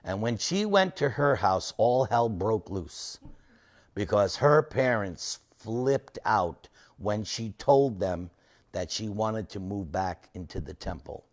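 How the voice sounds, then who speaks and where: Guy in his 60s telling a story real slow, big swings loud to quiet. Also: fairly low pitch, animated. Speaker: devotee lecturer. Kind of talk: storytelling lecture.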